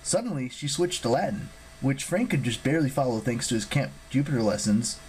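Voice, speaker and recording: A man narrating an audiobook in a plain, steady storytelling manner. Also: mid-range voice, a little fast, hardly any pauses, a little hiss or hum, rough recording.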